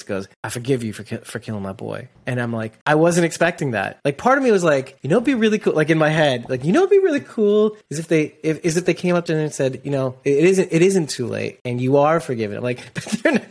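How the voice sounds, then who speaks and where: A man hosting a casual fan discussion of a TV show, animated and swearing freely. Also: on the high side. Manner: animated, swears often, acts out scenes.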